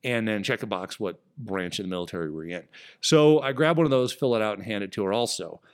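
A man with a fairly low voice tells a story as a podcast host. His delivery is animated and emphatic, with his pitch jumping up for emphasis. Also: quick pace, clear, resonant tone. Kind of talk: storytelling monologue.

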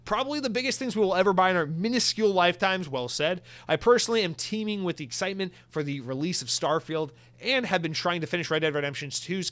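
Guy hosting a solo podcast, kinda high voice, rambly and animated, lots of restarts. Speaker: podcast host.

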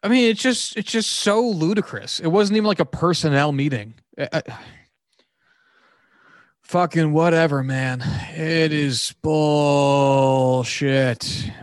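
A man with a somewhat high voice talks sports in an animated, exasperated way. He swears freely and slips into sarcastic asides. The recording is dry and close. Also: fairly quick, few pauses, no room sound. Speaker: podcast co-host. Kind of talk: casual sports chat.

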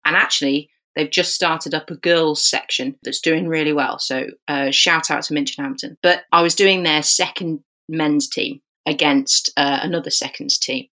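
Woman referee; animated podcast storyteller who acts out the voices in her tale, slightly low voice. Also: normal speed, hardly any pauses. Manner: animated storyteller acting out dialogue. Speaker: rugby referee. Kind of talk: podcast anecdote.

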